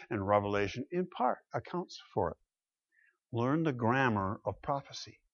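A man preaching a sermon, emphatic, swinging between loud exclamations and quiet low asides. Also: lo-fi sound.

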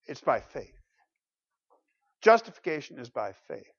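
A man preaching a sermon with dramatic rhetorical questions, swinging from loud to quiet. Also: fairly high pitch, moderate pace. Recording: dull lo-fi recording.

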